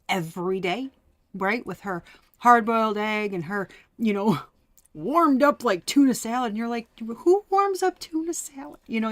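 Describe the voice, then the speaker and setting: A woman's voice: mid-range voice, a bit bright, dry recording. Chatty, laughing woman tarot reader. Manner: chatty, laughing, profane, drops to whispers. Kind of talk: casual tarot reading vlog.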